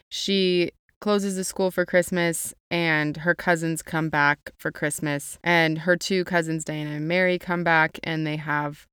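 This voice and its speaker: A woman's voice: low-pitched, a bit bright, clean tone, dry recording, studio quality. A woman casually summarizing a novel, retelling dialogue with "she's like" and lots of filler words. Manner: chatty, paraphrases dialogue with "she's like"; frequent "like" fillers, laughs at own asides. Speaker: book summary presenter.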